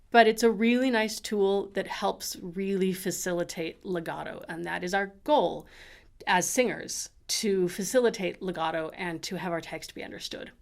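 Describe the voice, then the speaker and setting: A woman teaching singing diction in an upbeat, chatty way, often checking in with the listener. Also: medium pitch.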